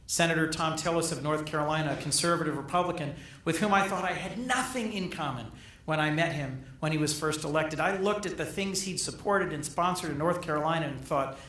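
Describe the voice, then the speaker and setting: A middle-aged man addresses a gala crowd in formal, emphatic oratory, often repeating his key phrases. His voice sits somewhat high. The hall's reverb is strong, and the mic catches him from some distance. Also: fairly bright tone. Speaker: senator giving a gala speech. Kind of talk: formal political speech. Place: large banquet hall. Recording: echoey hall, captured from a distance.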